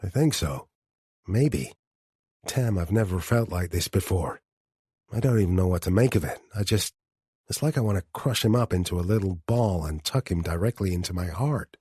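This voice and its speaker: A man's voice: sits low, expressive, normal speed, dark tone, slightly rough, no echo, clean studio sound. A man voicing a nervous midlife lover. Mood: flustered. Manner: worried, self-doubting, blurting. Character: anxious middle-aged man, doubting his love. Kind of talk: audiobook character dialogue.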